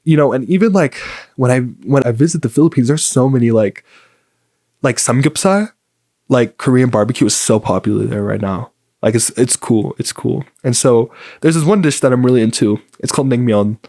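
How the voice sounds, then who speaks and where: A man's voice: medium pitch, normal speed, mellow, no room sound, clean studio sound. A young adult man from the United States hosting a podcast, talking in a rambling, upbeat way with lots of fillers. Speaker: podcast host. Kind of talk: casual solo podcast chat.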